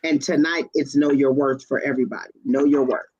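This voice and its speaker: A woman's voice: extremely low pitch, fairly even intonation, fairly quick, darkish tone, breathy edge, no room sound, highs cut off. A woman co-hosting a tarot reading show, speaking bluntly and matter-of-factly. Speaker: tarot reader and co-host. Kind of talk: casual live-stream chat.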